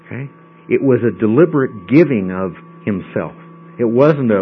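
Speaking at a moderate pace in an animated mid-range voice, a man teaches a Bible study conversationally and regularly asks the class "okay?" to check in. The lo-fi recording sounds dull and carries mains hum.

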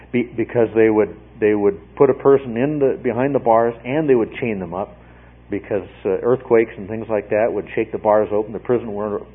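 A man teaching through a Bible passage verse by verse, emphatic, repeating phrases and checking in with "okay?" as he goes. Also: on the low side. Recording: tinny phone-like radio broadcast, husky.

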